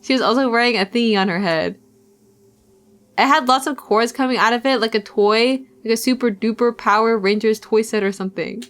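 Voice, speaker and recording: A woman's voice: a little high, fairly quick. A young woman streamer reading a visual novel aloud, with playful, giggly asides to chat.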